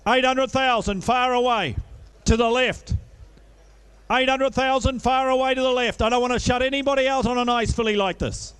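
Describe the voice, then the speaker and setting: A male auctioneer with a notably high, ringing voice that cuts clean and smooth through the room. He rattles through the figures in a quick chant, then slows to cajole bidders with persuasive patter. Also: fairly even intonation, fairly bright tone. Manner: rapid-fire bid chant mixed with coaxing sales patter. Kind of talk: live auction calling.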